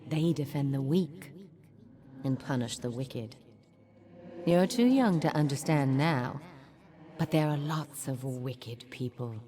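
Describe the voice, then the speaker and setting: A woman voicing a grim, vengeful widowed mother in a video game, speaking in a low, hoarse voice with a slight Southern US accent. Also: expressive, slow pace, pauses often, warm tone, full character voice. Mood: solemn. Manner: solemn, vengeful.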